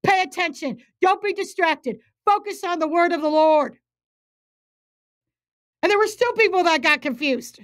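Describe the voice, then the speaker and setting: Her voice sits very high and bright as she preaches to a livestream audience. She is a woman minister and faith coach, emphatic and urgent, who repeats phrases to drive each point home. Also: a little slow, pauses often.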